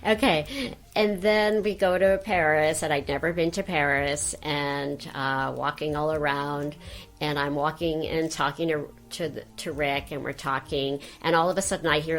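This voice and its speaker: An older woman speaks in a somewhat low voice, telling rambling anecdotes full of little fillers and restarts. She sounds relaxed and conversational, as a guest on a podcast. Faint music runs underneath. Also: measured pace. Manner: chatty storyteller, trailing off with fillers. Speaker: voice actress guest. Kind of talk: casual interview chat.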